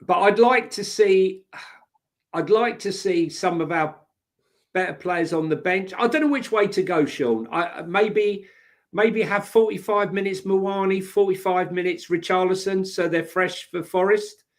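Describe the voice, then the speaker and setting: A man co-hosting a football podcast, talking through his views in a measured way with fillers. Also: sits high. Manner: measured, thinking aloud with fillers. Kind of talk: casual chat.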